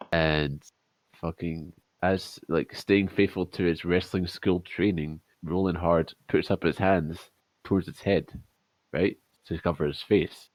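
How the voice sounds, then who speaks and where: A man's voice: deep voice, dry recording, rough recording. A Scottish man co-hosting a casual podcast over voice chat, rambling and swearing as he jokes. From Scotland. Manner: rambling, profane, joking. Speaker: podcast co-host. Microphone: headset over voice chat.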